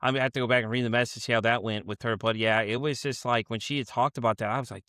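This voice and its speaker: Male podcast host, quick and animated, dry close mic. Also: medium pitch, no room sound. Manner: animated storytelling, acts out quotes, swears freely. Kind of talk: casual podcast chat.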